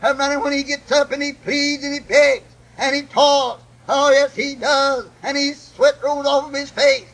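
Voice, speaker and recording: A man preaching a sermon, putting a breathy "uh" between phrases. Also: extremely high pitch, flat delivery, moderate pace, fairly bright tone, rough recording. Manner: chanting, with "uh" after each breath and repeated "God bless your heart". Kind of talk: old-time preaching sermon.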